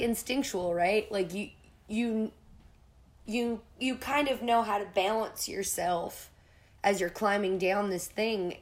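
Candid woman telling a story. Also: medium pitch. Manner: candid, swears often, acts out her own panic in quotes. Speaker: podcast host. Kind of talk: casual storytelling monologue.

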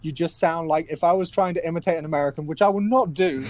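A man's voice: fairly high pitch, quick pace, a crowd in the background. A man with a Southwest English accent, chatting casually as a podcast guest and often restarting his sentences. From Southwest England. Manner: chatty, self-deprecating, with lots of restarts. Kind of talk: casual chat.

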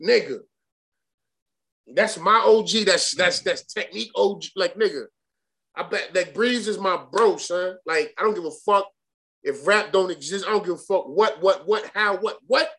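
A man's voice: sits high, moderate pace, a bit bright. A young man, telling a rambling, profane story as a guest in a casual interview, full of restarts and slang. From Brooklyn, New York. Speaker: guest rapper.

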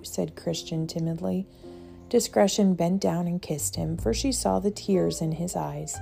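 A woman narrating a children's audiobook in a gentle, measured storytelling manner. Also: lowish voice, gravelly, faint music behind. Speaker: audiobook reader.

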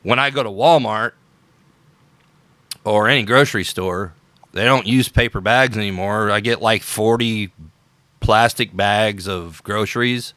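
A man's voice: on the low side, measured pace, bright, forceful tone, no room sound. A man hosting an unscripted political podcast, talking in an opinionated, sarcastic way with emphatic repetitions. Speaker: podcast host.

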